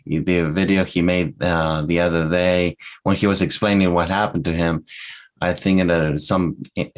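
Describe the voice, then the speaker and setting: A man from Argentina with an Argentine Spanish accent, a native Spanish speaker co-hosting a podcast, talking carefully and with some hesitation. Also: low voice. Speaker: podcast co-host, English learner. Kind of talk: casual language-learning chat.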